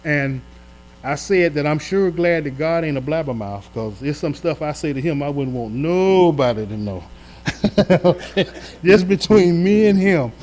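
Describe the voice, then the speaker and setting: A man pastor preaching a sermon in a colloquial, call-and-response manner, shifting between loud emphatic swells and quiet asides. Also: fairly high pitch, lively intonation, normal speed, low-quality recording. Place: church during a live-streamed Bible study.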